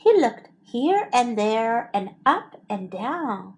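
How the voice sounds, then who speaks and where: A woman English teacher reading a children's story aloud in two languages, slow and expressive. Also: on the high side.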